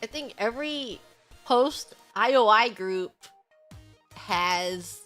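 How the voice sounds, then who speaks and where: A woman streamer in casual livestream chat, excitable and rambling, humming bits of songs between thoughts. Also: on the high side, slow, faint music behind. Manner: excitable, rambling, hums song snippets.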